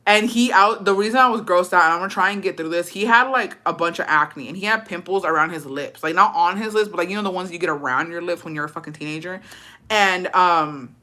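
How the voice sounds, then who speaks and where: A woman's voice: on the low side, fast talker, pushed and bright. A woman in her thirties telling a story on a livestream and reading viewer comments, in a blunt, profane, slangy style that drops in the odd Spanish word.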